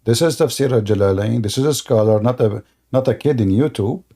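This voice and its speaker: Hosting a religious debate over live stream, this man sounds dark-toned and brisk in a mid-range voice. He's insulting and combative, shuts callers down mid-sentence, and often repeats and restarts his words.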